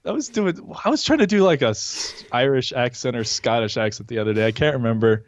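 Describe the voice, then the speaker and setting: A man's voice: mid-range voice, a little fast, no echo. A man co-hosting a podcast who tells his stories with energy, dropping in bits of put-on accents along the way. His voice comes through a dull, lo-fi mic, and the sound is dry and close. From California. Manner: animated storyteller, slips into put-on accents. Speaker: podcast co-host. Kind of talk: casual chat.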